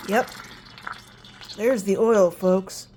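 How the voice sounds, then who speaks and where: A woman's voice: medium pitch, fairly even intonation, very slow, darkish tone, slight background noise. A middle-aged woman chatting in a folksy way as she cooks in her home kitchen, with reminiscing asides. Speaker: home cooking vlogger. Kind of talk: casual cooking vlog.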